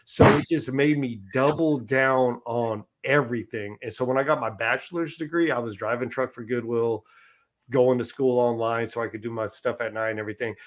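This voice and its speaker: This man is a podcast guest with a mid-pitched voice. He tells his story in a relaxed, conversational way and voices the people he quotes. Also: normal speed. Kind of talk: casual storytelling.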